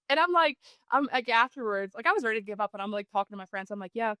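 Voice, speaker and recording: A woman, a podcast guest telling a hunting story in a casual, animated way. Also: a little high, fast talker, smooth, dry recording.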